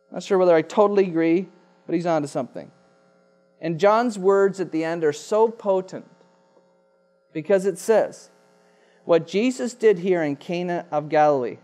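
A man's voice: on the high side, a little mellow. A man preaching a sermon, emphatic and repeating key phrases for effect. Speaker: pastor.

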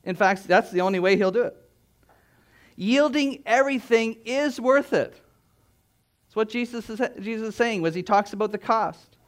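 A man's voice: sits high, normal speed, pauses often. A man preaching a sermon as pastor, emphatic, with rhetorical questions and repeated phrases.

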